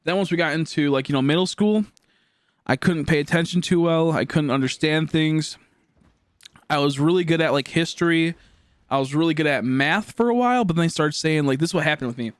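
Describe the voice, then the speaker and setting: Young male streamer, slightly high voice, rambling casual chat, swears freely, close and dry. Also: brisk, no echo. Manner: rambling, restarts often, swears when worked up.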